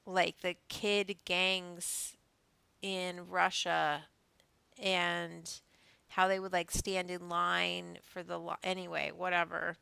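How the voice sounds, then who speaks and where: A woman host with a bright, gravelly voice that stays smooth and clear. She reads her notes aloud, then drifts into loose, chatty asides. The sound is close and dry. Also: fairly low pitch, no room sound, low-quality recording. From Canada. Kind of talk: casual reading and chat.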